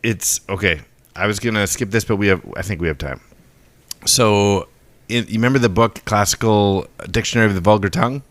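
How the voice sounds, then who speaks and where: A deep-voiced man co-hosting a podcast, chatting casually about where a phrase comes from. He talks in a relaxed, explanatory way, stumbling and restarting his sentences as he goes. The sound is dry and close, with no room around it. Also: brisk, no room sound. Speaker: podcast co-host. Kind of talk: casual chat about word origins.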